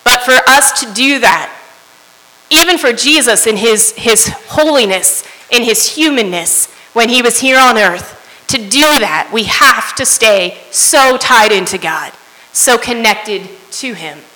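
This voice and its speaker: A woman's voice: a little high, expressive, unhurried, pushed and bright. A woman preaching a sermon in an earnest way, often asking her listeners "right?" as she goes. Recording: long hall reverb.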